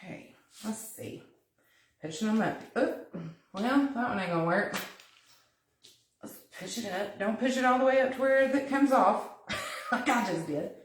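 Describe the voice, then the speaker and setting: Hosting a live crafting demo from her echoey kitchen, a woman chats and giggles with viewers as she works, thinking aloud along the way. Her voice sits on the high side and sounds animated, though she speaks a little slowly with long pauses. The mic is at a distance, and there's slight background noise.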